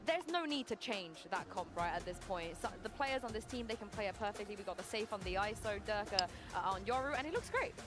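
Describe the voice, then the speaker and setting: A woman's voice: medium pitch, animated, quick pace, few pauses. A woman commentating an esports match, putting questions to her co-caster. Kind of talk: broadcast commentary. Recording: broadcast feed with music behind.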